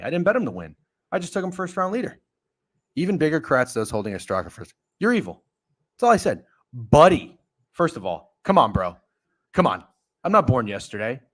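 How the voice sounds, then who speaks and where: A man hosting a casual sports betting talk show, ranting and swearing. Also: fairly high pitch. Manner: profane, ranting, animated. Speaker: podcast host.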